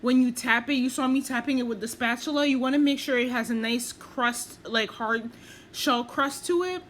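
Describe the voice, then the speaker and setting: A woman's voice: a little high, normal speed, a bit bright, a little hiss or hum. Chatty woman narrating a cooking video. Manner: chatty, self-deprecating, lots of fillers. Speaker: cooking vlogger. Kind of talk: casual voice-over cooking tutorial.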